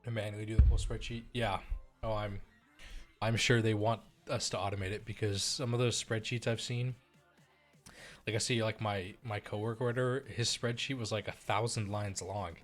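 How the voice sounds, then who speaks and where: A man's voice: lowish voice, fairly even intonation, moderate pace, faint music behind. A young man streaming live and chatting casually through a cheap desk mic, rambling, repeating himself and laughing often.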